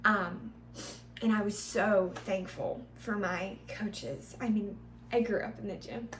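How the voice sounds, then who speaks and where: A woman's voice: mid-range voice, steady tone, fairly bright tone. Young woman, earnest, distant echoey mic. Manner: earnest, speaks in short halting phrases. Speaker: podcast co-host. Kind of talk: casual personal storytelling. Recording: distant mic in an echoey room, faint hum.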